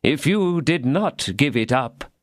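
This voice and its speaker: A stern, unbending royal chancellor, read by a male narrator, measured and coldly courteous. He speaks slowly with dry, close storybook sound. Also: on the high side, expressive, no echo, pitched above the performer's own voice. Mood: firm. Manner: firm, slow, formal and courteous.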